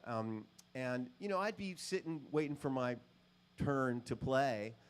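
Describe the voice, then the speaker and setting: A man's voice: medium pitch, lively intonation, measured pace. A male guitarist and session musician telling casual, self-deprecating stories at a guitar clinic. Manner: casual, self-deprecating, many fillers and acted quotes. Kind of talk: anecdotal storytelling at a guitar clinic.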